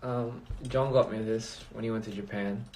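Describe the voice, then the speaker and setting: A man's voice: fairly low pitch, steady tone, moderate pace, darkish tone, slight background noise. A man chatting casually on a phone livestream, rambling and reading out viewer comments. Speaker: livestream host.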